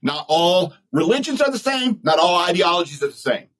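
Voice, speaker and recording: A man's voice: high voice, very animated, fairly quick, a bit bright, poor audio. A man hosting a podcast, talking in a blunt, rambling, opinionated way and laughing at his own jokes. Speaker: podcast host. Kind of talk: opinionated solo talk.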